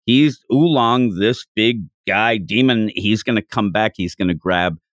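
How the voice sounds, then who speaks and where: A man's voice: lowish voice, a little slow, no room sound, clean studio sound. A man hosting a podcast, animatedly retelling a comic chapter in casual chat and slipping into the characters' voices. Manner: animated storyteller who acts out the characters' lines. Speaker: podcast host.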